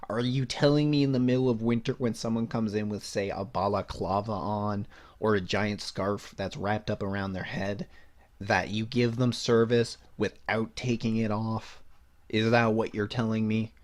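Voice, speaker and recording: A young male podcast host with a slightly low-pitched voice talks through the news in his own blunt, sarcastic way. He reads clippings aloud, then breaks off to mock them, swearing freely and chuckling at his own remarks. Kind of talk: casual opinion commentary, reading news aloud.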